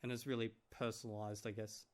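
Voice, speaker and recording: A man's voice: on the low side, level tone, fairly quick. A man vlogging in casual chat, translating clips aloud with many fillers and restarts. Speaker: vlogger reviewing a language course.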